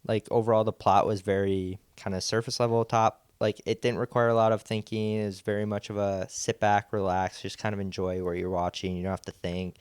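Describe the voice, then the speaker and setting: A man co-hosts a podcast in a loose, rambling way, dropping "like" often as he talks things through. His voice is smooth and resonant. The sound is dry and close, with no room around it. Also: on the low side, flat delivery, fairly quick, few pauses, dry recording. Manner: easygoing, rambling with many "like"s. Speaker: podcast co-host. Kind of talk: casual chat.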